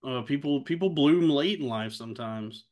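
A man in his thirties co-hosting a casual podcast, laughing often and acting out quotes in a higher voice. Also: lively intonation, normal speed, a little mellow. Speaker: podcast co-host. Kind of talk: casual chat.

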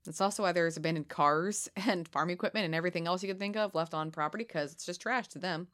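A woman co-hosting a casual podcast, reading spooky legends aloud in a playful, giggly way with dramatic pauses. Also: fairly low pitch, fairly bright tone. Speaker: podcast co-host.

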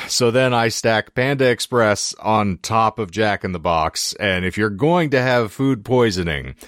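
A man co-hosting a podcast with a hoarse, sore throat, telling long rambling stories with wry asides. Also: on the low side, dry recording, clean studio sound. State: hoarse throat after illness. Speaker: podcast co-host. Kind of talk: casual podcast chat.

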